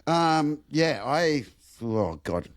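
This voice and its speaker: A man's voice: on the high side, very animated, drawn-out words. A middle-aged man, a podcast guest and car diagnostics instructor who talks in a teasing, self-mocking way. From Australia. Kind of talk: casual chat.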